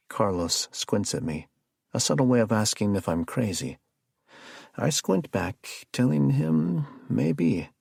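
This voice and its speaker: A low-voiced man reads a first-person thriller with a gravelly, husky texture and a lively, rising-and-falling delivery. The recording is dry and close, without room sound. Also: normal speed, no room sound. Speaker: audiobook narrator.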